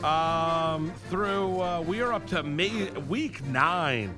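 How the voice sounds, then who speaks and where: A man's voice: on the high side, takes it slowly, over loud music. Wry sports radio co-host, man. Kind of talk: casual sports radio chat.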